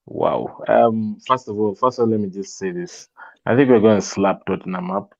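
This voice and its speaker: A man's voice: lowish voice, normal speed, gravelly, a little mellow, dry recording, lo-fi sound. A man chatting as a fantasy football pundit, confident and laughing as he makes bold predictions. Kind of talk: casual panel chat.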